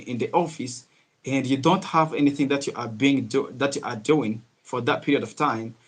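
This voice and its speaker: Earnest male English teacher, live stream. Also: medium pitch. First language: Kinyarwanda. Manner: earnest, repeats himself and restarts phrases.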